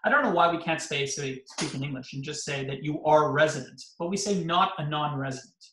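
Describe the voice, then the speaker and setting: The recording has slight background noise and the echo of the room. A lawyer with a slightly high, bright voice speaks fairly quickly, explaining things to real estate agents by raising questions and answering them himself.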